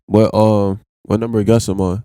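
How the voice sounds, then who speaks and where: A young man guesting on a casual podcast, joking bluntly in heavy slang. His voice is low and mellow, without much brightness. The recording is close and dry. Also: level tone, moderate pace, dry recording. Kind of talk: casual chat.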